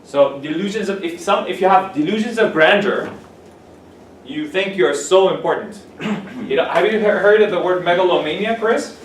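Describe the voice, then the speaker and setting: A man teaching English vocabulary to a class, animated and playful, acting out examples. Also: high voice, normal speed. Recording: echoey room from far off, faint noise.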